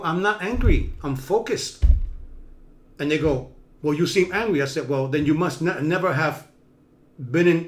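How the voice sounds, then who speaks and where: In an energetic motivational monologue for his live-streamed show, the male host swings from loud emphasis to quiet, murmured asides.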